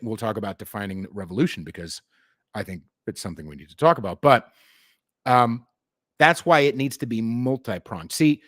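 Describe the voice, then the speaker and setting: Animated, profane man ranting. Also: mid-range voice, no echo, studio quality. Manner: animated, sarcastic, mocks others in put-on voices, swears a lot. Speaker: podcast host. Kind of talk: profane political rant.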